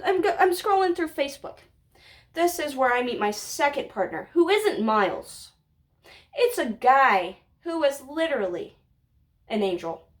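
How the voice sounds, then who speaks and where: Young woman vlogger with a high, sing-song voice, gushing storytime ramble. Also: fairly bright tone. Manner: gushing, rambling, heavy on "like" and "literally". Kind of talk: casual storytime monologue.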